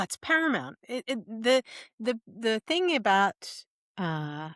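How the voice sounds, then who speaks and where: A woman's voice: medium pitch, fairly bright tone, dry recording, studio quality. Earnest middle-aged woman explaining. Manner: earnest, explanatory, with frequent restarts and tag questions. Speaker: guest, entrepreneur. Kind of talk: podcast interview conversation.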